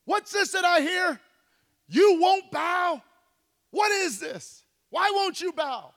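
A furious pagan king, all puffed up and barking threats, played by a man preaching. The voice rides high and strained. A long echo hangs behind each shouted line. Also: lively intonation, takes it slowly, creaky, full character voice. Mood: indignant. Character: raging proud pagan king, grown man. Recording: long church reverb.

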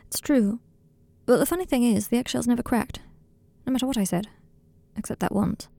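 A woman's voice: fairly high pitch, brisk, gravelly, dark tone, no echo, pitched above the performer's own voice. A woman reading the part of a remorseful young man, tearful and apologetic on a late-night phone call. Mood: distressed.

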